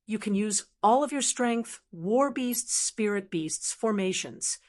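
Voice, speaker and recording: A woman's voice: medium pitch, natural voice. A woman reading a commanding sect elder's announcement. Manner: announcing loudly.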